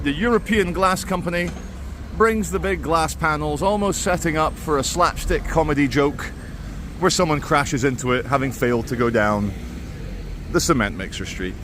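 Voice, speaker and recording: A man walking city streets with a camera, giving sardonic running commentary as a vlog host. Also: on the high side. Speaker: vlogger host. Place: outdoors on busy city streets. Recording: street traffic noise behind.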